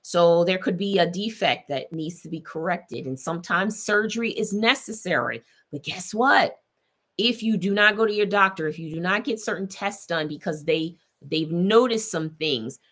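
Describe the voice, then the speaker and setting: A woman's voice: on the low side, normal speed, fairly bright tone. A woman hosting a podcast, giving an earnest, encouraging health talk and speaking directly to listeners, often repeating herself. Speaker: podcast host.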